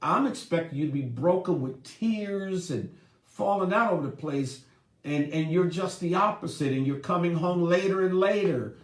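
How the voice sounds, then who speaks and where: A man's voice: normal speed, close to an everyday voice. A man speaking as an upset, tearful woman who pleads to be heard instead of fixed. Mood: desperate. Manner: pleading, emotional high-pitched delivery. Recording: roomy echoey room.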